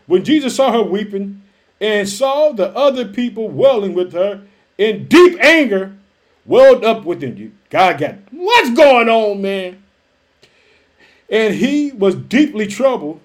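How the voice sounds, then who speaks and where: A man preaching a fervent sermon, reading scripture aloud and calling his listeners family. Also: sits high. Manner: fervent, calls listeners family, shouts hallelujah.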